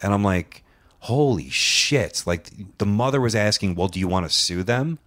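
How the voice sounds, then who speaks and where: A man's voice: lowish voice, lively intonation, moderate pace, fairly bright tone. A man on a casual podcast, telling a rambling story with lots of swearing and acted-out quotes.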